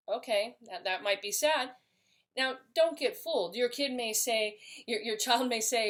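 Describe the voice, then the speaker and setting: A woman speaks straight to camera as a parenting educator, her voice sitting slightly high. She explains each point in an earnest, steady way and now and then restarts a phrase. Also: a little slow. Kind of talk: instructional talk to camera.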